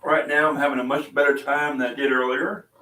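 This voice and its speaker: A man's voice: medium pitch, flat delivery, a little fast, pushed and bright, far from the mic. Chatty middle-aged man in an echoey room. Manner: rambling, chatty storytelling with many fillers. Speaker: podcast host and small coffee seller. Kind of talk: casual chat. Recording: roomy echo, voice away from the mic.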